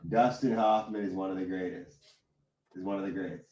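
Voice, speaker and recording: A man's voice: sits low, fairly even intonation, moderate pace, dark tone, lo-fi sound, slight background noise. A tired man streaming live, chatting loosely with his viewers and telling rambling, profane stories. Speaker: livestreamer reading chat. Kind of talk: casual rambling chat.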